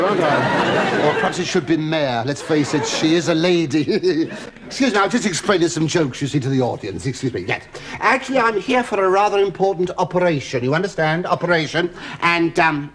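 A middle-aged English comedian with a stammering, camp delivery, full of asides to a live audience. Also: male voice, on the high side, animated, a little fast, a faint crowd. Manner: stammering, camp asides, ooh-ing and mock protest. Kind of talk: stand-up style sitcom monologue to live audience. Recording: loud studio audience laughter and noise.

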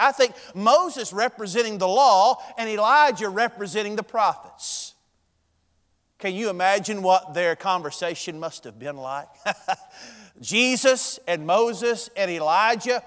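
A man preaches from the pulpit, his voice sitting high for a man and rising and falling sharply in volume and tempo. The long reverb of a church sanctuary trails each phrase. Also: expressive, takes it slowly. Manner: preaching with dramatic swings in loudness and pace. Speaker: pastor. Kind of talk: sermon.

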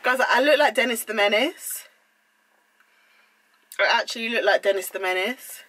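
Flustered young woman, bright voice. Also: a little high, moderate pace, poor audio. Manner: flustered, swearing, exclaiming in disbelief. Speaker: vlogger. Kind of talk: casual vlog.

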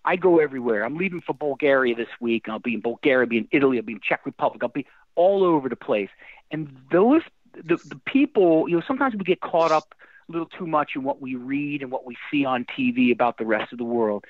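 A middle-aged man, a guest musician telling stories in a casual interview, animated and emotional, often restarting his sentences. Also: medium pitch, fast, no echo. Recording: dry tinny phone-like line.

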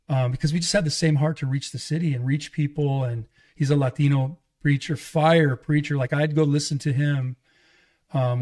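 Speaking at medium pitch with a somewhat mellow tone, a pastor guesting on a podcast opens up about his personal testimony. The story rambles casually, with restarts and voiced-out dialogue.

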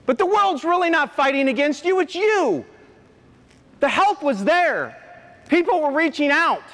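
High-voiced man telling a confessional story. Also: sing-song, fairly bright tone. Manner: earnest, halting, confessional. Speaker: motivational speaker, former coach. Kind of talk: emotional personal storytelling to an audience. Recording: long hall reverb.

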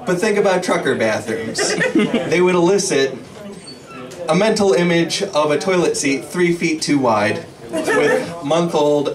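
A young man doing his first stand-up set in a small bar, with a measured, deadpan delivery. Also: on the high side. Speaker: first-time stand-up comedian. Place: small bar comedy stage. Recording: distant mic with loud crowd laughter.

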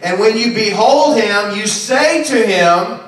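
High-voiced preacher in an echoey hall. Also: male voice, animated, slow, fairly bright tone. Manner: conversational preaching with frequent "okay?" and "right?". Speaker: pastor. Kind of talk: sermon. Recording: very echoey, distant room recording.

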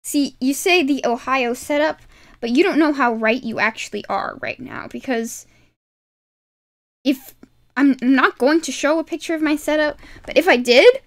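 At a moderate pace and high pitch, this woman streams from a desk mic at home, talking with her viewers. Her gameplay commentary is casual, full of chatter and giggles.

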